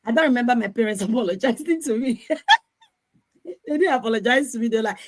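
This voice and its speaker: A woman's voice: a little high, quick pace, poor audio. A woman in her forties speaking on a discussion panel, earnestly sharing parenting advice and acting out family exchanges. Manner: earnest, advice-giving, acts out family dialogue.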